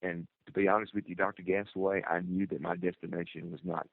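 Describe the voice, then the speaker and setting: A middle-aged man, a firefighter, giving an earnest, halting personal account in an interview, with many restarts. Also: low voice, level tone, creaky, slight background noise. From United States. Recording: tinny phone-like audio.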